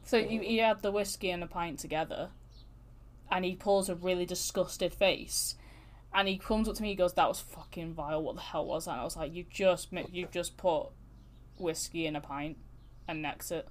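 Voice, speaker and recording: A woman hosting a podcast, telling stories in casual, animated chat with plenty of swearing. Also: lowish voice, moderate pace. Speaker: podcast host.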